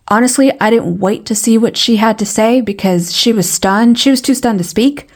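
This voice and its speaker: A woman with a twang chats casually to her viewers. Her voice sits in a middle pitch. She rambles, restarts and repeats phrases, and she sounds exasperated. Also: normal speed, darkish tone. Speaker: vlogger. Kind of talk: casual storytelling to camera.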